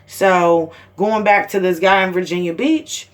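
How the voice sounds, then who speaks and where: A woman's voice: fairly low pitch, steady tone, measured pace. A mother of seven ranting to the camera in a heated, blunt way, swearing constantly. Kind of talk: angry personal video rant.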